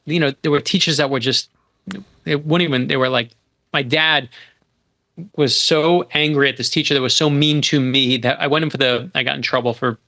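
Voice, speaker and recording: A middle-aged man from New York, a guest author telling a story on a podcast in an animated, emphatic way, often restarting his sentences. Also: mid-range voice, normal speed.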